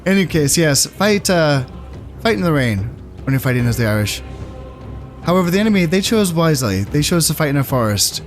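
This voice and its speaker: A man casually commentating his strategy game, thinking aloud in a relaxed, musing way with fillers. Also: on the high side, a little fast, soft background music. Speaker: gameplay commentator. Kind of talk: casual let's-play commentary.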